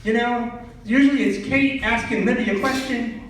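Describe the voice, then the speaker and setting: A man from Vermont doing stand-up in a small club, sarcastic and ranting, his voice high for a man. The room is very echoey and he sounds distant from the microphone, with a faint hiss underneath. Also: steady tone, moderate pace, fairly bright tone. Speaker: stand-up comedian. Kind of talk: stand-up comedy set. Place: small comedy club stage.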